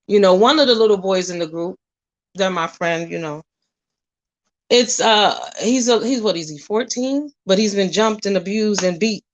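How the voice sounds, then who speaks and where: A woman vlogger ranting at the camera in a blunt, profane way, firing off rhetorical questions and telling animated stories. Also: medium pitch, moderate pace, rough recording. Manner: animated storytelling, drifting between loud and soft. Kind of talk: casual straight-to-camera rant.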